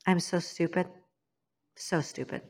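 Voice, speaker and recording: A woman's voice: on the low side, unhurried, gravelly, breathy edge. Frank woman telling a painful story. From Illinois, United States. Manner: frank and emphatic, drops to a hushed voice for painful memories. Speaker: interview guest. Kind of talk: candid personal storytelling.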